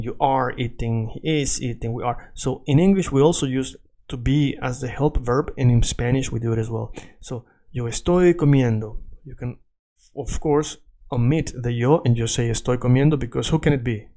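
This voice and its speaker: A man's voice: medium pitch, warm tone. A man teaching a Spanish lesson in a chatty, explanatory way, often repeating and correcting himself. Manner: chatty, self-correcting, repeats points to students.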